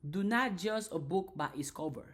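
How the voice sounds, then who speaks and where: A woman's voice: on the low side, expressive, moderate pace. A woman giving an emphatic motivational faith talk on a live stream, repeating herself and restarting lines as she goes. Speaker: faith and mindset creator.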